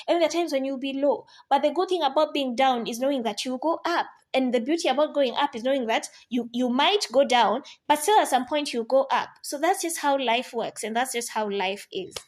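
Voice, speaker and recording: A woman, giving casual life advice to camera in an animated, playful way that softens on serious points. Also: on the high side. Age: 30s. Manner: animated, playful asides, drops to soft tones on serious points. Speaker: vlogger.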